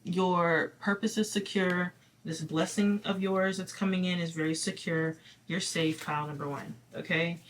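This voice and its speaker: A woman's voice: on the low side, fairly even intonation, moderate pace, a little hiss or hum. A woman giving a casual spoken card reading to her viewers, chatty and reassuring, full of fillers and small laughs. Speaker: tarot reader.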